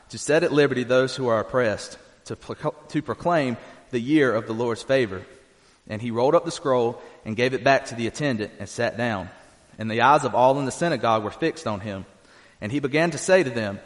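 A man preaching in an earnest, plain-spoken way, reading scripture and then explaining it while restarting his phrases. His voice sits in a middle pitch, and a long hall reverb trails after each phrase. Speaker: pastor.

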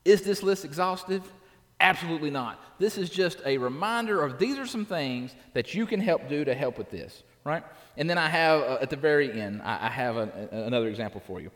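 A man's voice: fairly high pitch, expressive, brisk, long reverb tail. A man preaching a sermon in a church, talking conversationally and often checking in with "right?". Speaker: pastor. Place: church sanctuary.

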